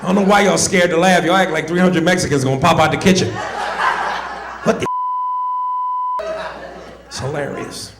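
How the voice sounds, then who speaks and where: A high-pitched man performing stand-up comedy, loud and animated, throwing profane, punchy lines at the crowd and breaking into shouted grunts. He is recorded in an echoey club with audience ambience clearly audible behind him. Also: moderate pace, long pauses, very noisy.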